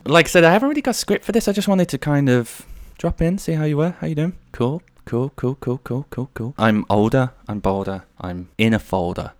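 A man's voice: on the high side, lively intonation, fast, no room sound. A man in his thirties hosting a podcast solo, rambling through jokey anecdotes. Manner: rambling, jokey, slips into silly voices. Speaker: podcast host.

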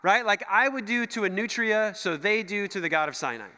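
Lively high-voiced man preaching in a church hall. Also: a little fast. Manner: animated, jokey, acts out quoted voices. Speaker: pastor. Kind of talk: sermon.

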